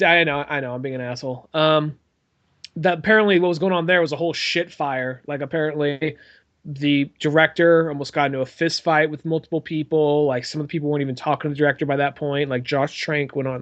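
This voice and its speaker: A man's voice: on the high side, fairly bright tone. Man, podcast co-host, casual chat, hesitant and hedging, dull lo-fi sound.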